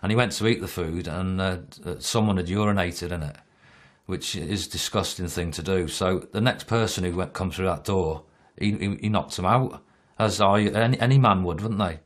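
Deep-voiced guy giving his opinion, lots of uhs. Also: moderate pace. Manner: plain-spoken, hesitant fillers. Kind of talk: documentary interview.

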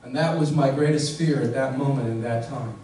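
A bit fast and mellow, this pastor's mid-range voice carries an earnest sermon in which he questions listeners directly and leans hard on key words. He sounds distant in an echoey room.

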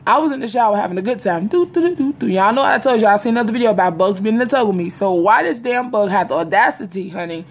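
A woman chatting casually to camera in an animated storytelling style, laughing often. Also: medium pitch, quick pace, hardly any pauses. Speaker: vlogger. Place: home, indoors. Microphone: phone or webcam camera.

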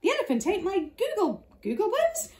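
A woman's voice: very high voice, huge pitch swings, a little fast, darkish tone, a little hiss or hum, voice pushed up, exaggerated voice. A woman voicing a sweet little fairy. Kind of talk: reading aloud a children's book.

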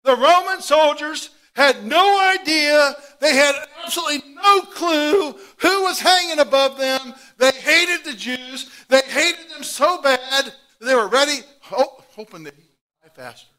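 A middle-aged pastor with a very high-pitched voice preaches a little slowly. Through his sermon stories, he swings animatedly from loud outbursts to hushed asides.

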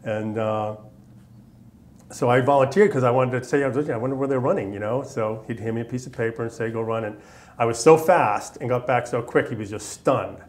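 A man's voice: medium pitch, normal speed. A man in his fifties from Massachusetts, telling his army memories in an oral history interview, rambling along with many fillers. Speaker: veteran interviewee.

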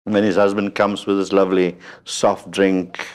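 A man giving a spiritual talk to an audience, telling humorous anecdotes and often pausing to ask "hmm?". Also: low voice, level tone. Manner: storytelling with frequent questioning "hmm?" asides. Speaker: spiritual teacher.

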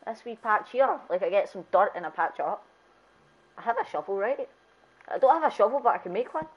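A woman chatting excitably as she streams a game, laughing often and breaking into loud exclamations. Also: medium pitch, fairly quick, slightly rough, highs cut off. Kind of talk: casual gameplay chat.

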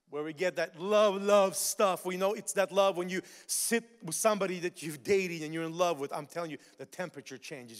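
High-pitched pastor guy preaching, loose and lively, lots of echo. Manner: animated, casual preaching with asides and repeated phrases. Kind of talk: sermon. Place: large church hall.

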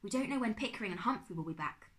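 A brisk, practical girl who takes charge, as a woman reading a storybook aloud puts her on. The voice is bright and lifts high. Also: animated, lightly acted.

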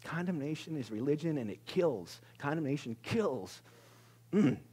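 Here a pastor preaches in a relaxed, conversational style, his husky voice a little high and animated at a moderate pace. Loud exclamations give way to hushed near-whispers, and he laughs at himself now and then.

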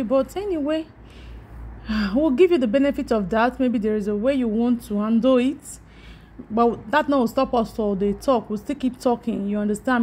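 A Nigerian woman hosts her own vlog channel, offering calm, measured advice to her viewers. Her voice is warm and mellow, pitched a little high. She talks in an easy, conversational way. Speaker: channel host. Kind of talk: vlog commentary.

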